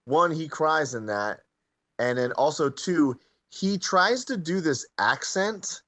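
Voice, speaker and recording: A man with a bright, animated voice, landing dry, mock-tough jokes in casual stream banter. He sounds dry and close to the mic. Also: a little high, takes it slowly, dry recording. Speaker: live stream co-host.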